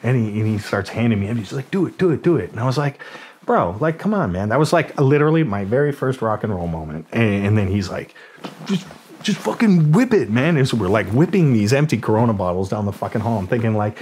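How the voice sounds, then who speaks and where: A man's voice: lowish voice, animated, fast talker, darkish tone, husky. A man in his forties, a podcast guest, telling a story in a profane, rambling way, full of fillers and acted-out quotes. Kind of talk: casual storytelling.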